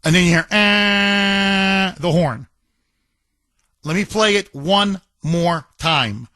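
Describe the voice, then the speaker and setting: Emphatic talk radio host, bright voice. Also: male voice, sits high, slow, no echo. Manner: emphatic, indignant, repeats for stress.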